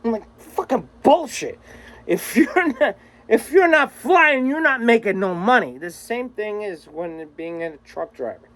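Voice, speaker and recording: Slow-talking man with a rather high voice. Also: expressive, fairly bright tone, poor audio. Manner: rambling, swears freely, laughs often. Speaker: vlogger. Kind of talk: casual video message to a friend.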